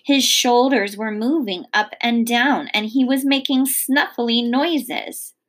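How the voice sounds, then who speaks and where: A woman teacher reading a children's novel aloud in a measured, expressive storytelling manner. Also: a little high.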